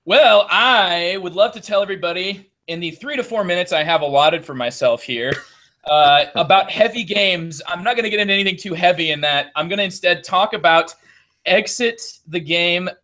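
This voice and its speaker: Man, podcast guest, self-deprecating, laughs a lot, highish voice. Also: normal speed, sharp tone. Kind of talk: casual panel chat.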